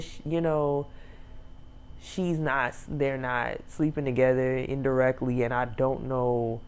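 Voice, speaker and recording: A woman's voice: extremely low pitch, darkish tone, clean tone. A young woman reviewing a reality show in a rambling, casual way, laughing often and using many fillers.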